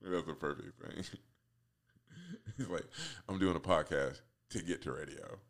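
This podcast host, a man in his forties, has a very deep voice and talks at a normal speed. Flying solo, he rambles in a casual way, cursing without restraint and laughing at his own expense.

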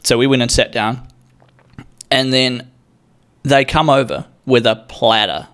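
A man's voice: mid-range voice, fairly even intonation, unhurried, a bit bright, smooth. A young man with a New Zealand accent, telling a rambling, sweary and self-mocking comic story as a podcast host.

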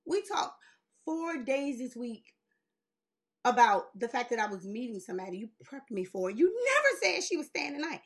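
A woman in her forties telling a long story in casual chat, animated and swearing, laughing as she goes and jumping high when she quotes people. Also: moderate pace, husky. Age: 40s. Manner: jumps high in pitch when quoting people. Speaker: podcast host.

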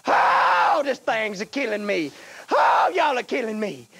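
A man putting on a shrill old country woman with a Mississippi accent, howling and wailing at the top of her lungs. Her cries leap very high and swing wildly. It is a shouted, comic backwoods story voice. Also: sing-song, a little slow, vocal fry, husky, heavily acted. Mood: shrieking.

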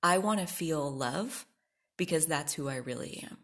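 A woman's voice: sits low, animated, moderate pace, fairly bright tone. A woman hosting her own podcast, talking candidly and with emphasis in a personal monologue, swearing freely. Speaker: podcast host.

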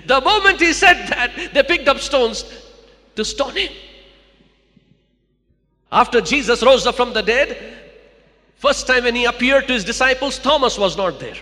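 A man's voice: very high voice, expressive, a little slow, long pauses, pushed and bright, long reverb tail. A man preaching a sermon to a church, repeating key lines and calling out to the congregation.

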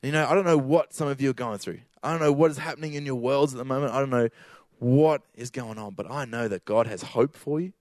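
A man's voice: mid-range voice, quick pace, a little mellow, no echo. A man giving a casual sermon with slang, building to emphatic repeated lines.

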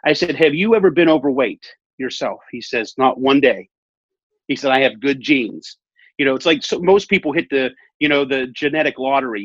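A man's voice: mid-range voice, no echo. A man in his thirties casually telling a personal story in an interview, acting out the dialogue with repeated phrases. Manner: animated, acts out quoted dialogue, repeats phrases. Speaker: guest telling his weight-loss story. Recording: muffled lo-fi audio.

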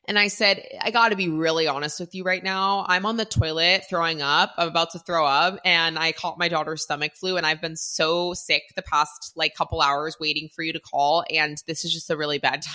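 A woman's voice: low voice, sharp tone. A woman in her thirties telling a personal story to camera in a chatty way, full of "like", acting out what people said. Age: 30s. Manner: chatty, lots of "like", acts out quoted voices. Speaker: vlogger.

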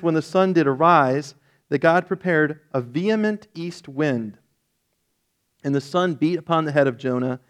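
A male pastor giving a casual Bible-teaching sermon in a relaxed, self-correcting way with light jokes, and reading scripture aloud with rising emphasis. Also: fairly high pitch.

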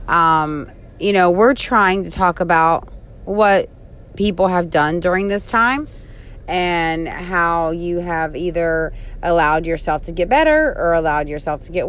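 A woman's voice: low voice, smooth. A woman co-hosting a casual talk show, playful and rambling, joking about home life. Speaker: podcast co-host. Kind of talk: casual chat, mock teacher play.

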